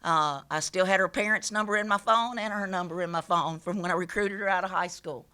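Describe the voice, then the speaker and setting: A woman's voice: on the low side, a little fast, bright, forceful tone, clean tone. A woman head coach speaking at a press conference, emphatic and passionate, repeating her key points.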